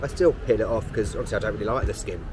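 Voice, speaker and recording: A man's voice: fairly low pitch, rapid-fire. Cheeky London man in his thirties, self-mocking travel vlogger, street noise audible. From London, England. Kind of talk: casual vlog commentary. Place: on a train, city streets and a chip shop.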